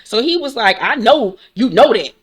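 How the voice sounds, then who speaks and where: A woman in her forties, tired and yawning, recapping a reality show in casual, animated talk full of swearing and laughter. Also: a little high, moderate pace, slightly rough. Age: 40s.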